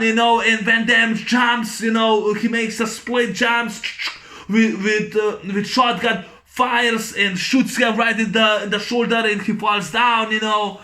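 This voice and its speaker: A man recapping an action movie in a casual, excited way, making gunshot sounds with his voice and talking haltingly with many fillers. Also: high-pitched. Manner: halting, full of fillers and restarts. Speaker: movie reviewer.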